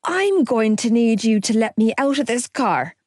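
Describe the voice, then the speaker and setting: Woman voicing a hysterical young guy at the wheel, whiny, high, very animated. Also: normal speed, no room sound, studio quality. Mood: panicked, whining. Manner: wailing, whiny and exasperated. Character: panicky young Irish man, driving, whining.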